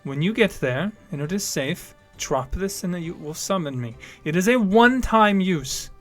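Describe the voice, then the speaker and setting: A man's voice: high voice, animated, moderate pace, faint music behind. A man voicing a stern commanding woman leader. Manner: commanding, threatening, weary.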